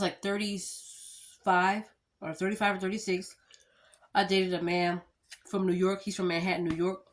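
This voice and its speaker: A woman in her thirties chatting casually to her viewers, rambling through storytime anecdotes and addressing them as y'all. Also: on the low side. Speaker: vlogger.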